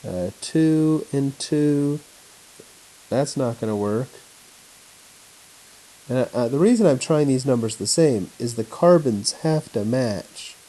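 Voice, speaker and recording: A male teacher walking through a chemistry lesson at home on his laptop, in a flat, announcer-like voice. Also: medium pitch, poor audio. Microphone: laptop mic.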